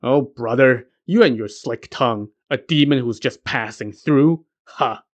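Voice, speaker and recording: A man's voice: mid-range voice, unhurried, dull audio, natural voice. A man voicing a mocking pig disciple. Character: teasing, scoffing male pig disciple.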